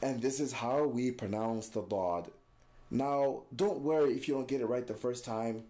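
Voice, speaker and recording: A man's voice: mid-range voice, dark tone. A man teaching Quran recitation, patiently demonstrating each letter sound step by step and praising the learner's attempts. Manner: patient, demonstrates sounds slowly and repeats them. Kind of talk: step-by-step pronunciation lesson.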